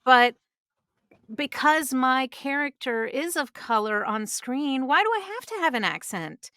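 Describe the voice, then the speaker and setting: A woman's voice: high-pitched, very animated, measured pace, sharp tone, clear, resonant tone, no echo, clean studio sound. A middle-aged woman, a voice actress guest on a podcast, speaking earnestly and giving emphatic advice in conversation. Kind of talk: conversational interview. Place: podcast studio.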